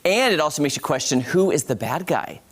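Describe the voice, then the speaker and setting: A chatty man reviews shows for a morning program, his pitch bouncing up and down as he talks. His voice sits a bit high and stays lively, addressing the audience directly. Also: a little fast. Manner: chatty, animated, addresses viewers as guys. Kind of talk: casual TV review.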